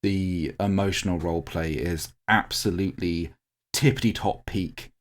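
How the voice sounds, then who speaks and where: Deep-voiced man, rambling heartfelt story. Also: unhurried. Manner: rambling, heartfelt storytelling with many fillers and restarts. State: tearing up. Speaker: podcast co-host. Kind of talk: casual podcast chat recounting a larp event.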